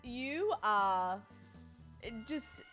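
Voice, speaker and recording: A woman's voice: on the high side, very animated, very slow, a bit bright, soft background music. A young woman streaming from home, chatting casually and rambling as she greets her chat by name.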